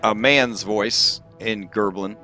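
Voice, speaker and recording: A man narrating a tabletop game as game master, unhurried and full of fillers. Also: on the low side, faint music behind. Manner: lively, unhurried, many fillers.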